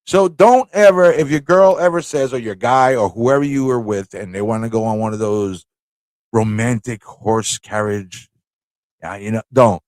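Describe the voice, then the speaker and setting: A man's voice: medium pitch, moderate pace, darkish tone, no echo. A man from New hosting a live online show, telling rambling, laughing stories with plenty of swearing. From New York City. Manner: rambling, laughing, profane storytelling. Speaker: show host. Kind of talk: casual live-stream chat.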